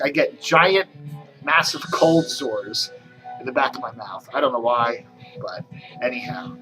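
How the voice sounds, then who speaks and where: A man's voice: a little high, bright, forceful tone. A man hosting a casual video show, rambling and reading out figures, his speech a little slurred from a sore in his mouth. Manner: rambling, chatty, reads out numbers. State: talking oddly from a mouth sore. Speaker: host.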